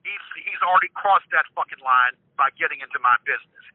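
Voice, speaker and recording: This older man talks fast in a slightly high voice over a dry, tinny phone line without echo. He's profane and wary on the call, stammering that he'll discover who is pranking him, his defiant tone rising in anger.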